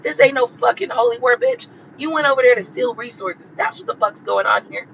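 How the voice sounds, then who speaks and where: Hoarse, gravelly woman in a profane rant. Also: on the high side, brisk, fairly bright tone, highs cut off, slight background noise. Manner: blunt, profane, repeats herself for emphasis. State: hoarse and coughing from a cold. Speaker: tarot reader hosting a livestream. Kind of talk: profane rant on a live stream.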